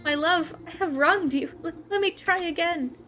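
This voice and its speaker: A woman's voice: extremely high pitch, normal speed, bright, forceful tone, a little hiss or hum, voice pushed up. A woman voicing a timid, lovesick male beekeeper who stammers and fawns over his queen. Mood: nervous. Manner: nervous, stammering, fawning.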